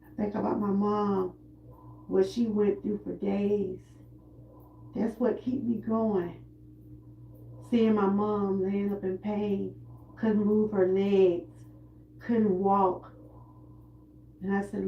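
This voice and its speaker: A woman with a Southern US accent who runs a wellness vlog. She talks in a slow, heartfelt way while doing seated cardio. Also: medium pitch, level tone, echoey room, dull audio, slight background noise. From Georgia, US. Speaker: wellness vlogger. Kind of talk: live-stream talk during seated cardio.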